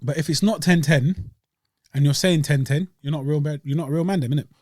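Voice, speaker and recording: A man's voice: on the high side, brisk, darkish tone, no echo, clean studio sound. Slangy young man, eating on a podcast. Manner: laid-back, slangy and chatty, eating while talking. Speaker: podcast host reviewing desserts. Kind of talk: casual chat.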